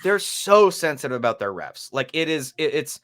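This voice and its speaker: A man co-hosting a casual hockey podcast, talking fast and loose, swearing freely and acting out other people's lines. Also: on the high side. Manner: animated, swears freely, acts out quotes. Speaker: podcast co-host. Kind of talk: casual sports chat.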